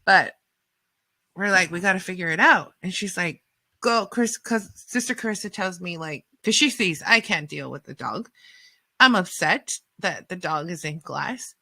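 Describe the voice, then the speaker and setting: A woman radio host telling a rambling story in a casual, animated way, full of fillers and acted-out quotes. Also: fairly low pitch, a little slow, creaky, husky, dry recording.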